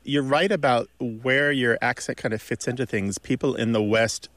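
A man on a call-in radio show unpacks a listener's question in an expansive, thoughtful way, with asides and a chuckle. His voice sits at an ordinary middle pitch. The studio sound is close and dry. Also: fairly even intonation, moderate pace, a bit bright, no echo.

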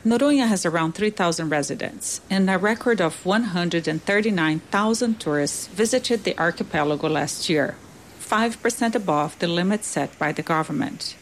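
A woman news reporter narrating a scripted field report with clear, deliberate delivery. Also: lowish voice, slight background noise.

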